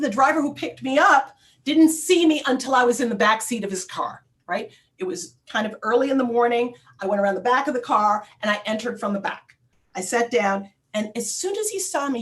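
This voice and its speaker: A middle-aged woman telling a personal story in a panel talk, with frequent fillers and restarts. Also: medium pitch.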